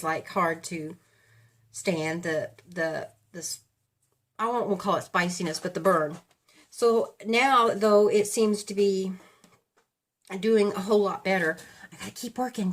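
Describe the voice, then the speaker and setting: A woman in her fifties chatting casually as a beauty vlogger, rambling and correcting herself as she goes while getting ready at home. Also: medium pitch. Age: 50s. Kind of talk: casual chat.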